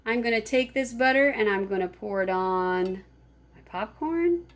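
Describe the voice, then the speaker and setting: A woman teacher showing children how to make popcorn, talking slowly and gently to her class. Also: mid-range voice, expressive. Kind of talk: classroom cooking demo.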